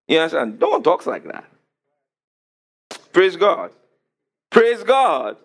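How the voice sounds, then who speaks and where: A pastor preaches with a high, lively voice that swings widely in pitch. He keeps asking the congregation to answer him. He slows down to repeat and spell out important words. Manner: emphatic preaching with call-and-response questions. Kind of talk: sermon.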